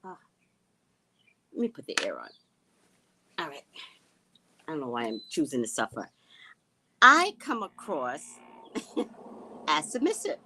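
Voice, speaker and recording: A middle-aged psychic reader hosts a relaxed live stream, laughing as she speaks bluntly and sassily to viewers she addresses as "guys." Her deep voice swings hugely in pitch, pushed and bright, at a slightly slow pace with many pauses. The low-quality recording has slight background noise.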